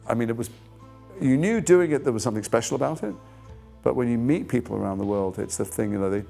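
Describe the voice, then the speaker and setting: A middle-aged man speaking in a low, gravelly voice as he recalls stories from his acting work. He talks reflectively, restarting sentences and poking fun at himself. Soft music plays faintly underneath. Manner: thoughtful, trailing restarts, self-deprecating. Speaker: actor interviewed about his career. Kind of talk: reflective anecdotal interview.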